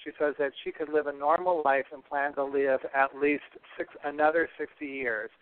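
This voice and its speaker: A man's voice: on the high side, steady tone, normal speed, smooth. A man hosting a podcast in a chatty, casual way, often tripping over his words. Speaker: podcast host. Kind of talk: casual radio-style hosting. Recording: tinny phone-like line.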